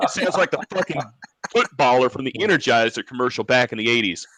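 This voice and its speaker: A man's voice: mid-range voice, animated, fast, pushed and bright. A man co-hosting a live stream, blunt and profane, scolding a rival. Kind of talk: casual live stream chat.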